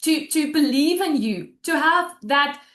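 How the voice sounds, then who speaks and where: Woman, thirties, high voice, emotional, halting, echoey room, video call. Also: animated, a bit bright. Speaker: webinar guest sharing her story. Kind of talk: emotional testimonial on a webinar.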